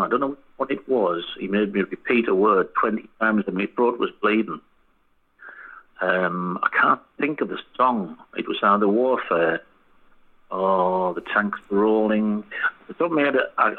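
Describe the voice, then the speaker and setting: A man with a husky voice, telling sweary, laughing anecdotes as a band frontman guest in a casual interview. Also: fairly low pitch. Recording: tinny phone line.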